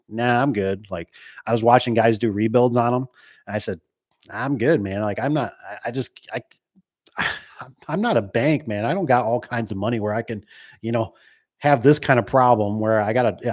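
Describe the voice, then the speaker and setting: A middle-aged man who runs a garage door business, chatting casually about trucks in a rambling way, full of restarts and acted-out quotes. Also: medium pitch. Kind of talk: casual chat.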